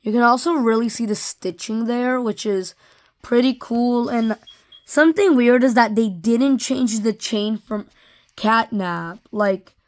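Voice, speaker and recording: A woman's voice: fairly high pitch, unhurried. A woman casually reviewing toys in a rambling, offhand way, full of fillers. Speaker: toy reviewer. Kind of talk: casual product review vlog.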